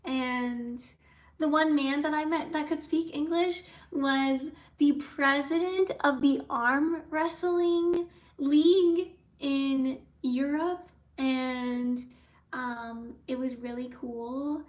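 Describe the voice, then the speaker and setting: A young woman vlogger telling a story in a casual, chatty, excitable way, full of likes and ums. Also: sits high, slow. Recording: roomy, from a distance off mic.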